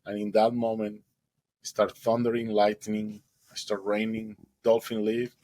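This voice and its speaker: A man's voice: fairly low pitch, completely flat delivery, measured pace, warm tone, no echo, rough recording. A man telling his own story of a near-death rescue as an earnest personal testimony, speaking with emotion and simple non-native grammar.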